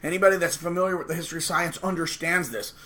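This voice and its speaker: A man's voice: a little high, fairly even intonation, rapid-fire, pushed and bright. A man hosting his channel, talking to camera in a combative, preachy and emphatic way. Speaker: channel host. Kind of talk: casual monologue to camera.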